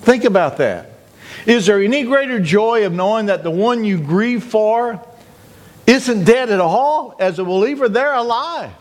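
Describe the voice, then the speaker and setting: A man's voice: high-pitched, animated, measured pace. A male pastor preaching a communion sermon, retelling scenes dramatically and acting out joyful cries. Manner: dramatic, acts out shouted cries.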